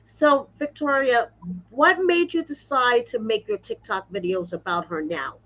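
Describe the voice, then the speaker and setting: A woman's voice: a little high, a little slow, a bit bright. A woman interviewing a guest casually, mostly giving short agreeing replies and asking prompting questions. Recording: dull muffled dry sound.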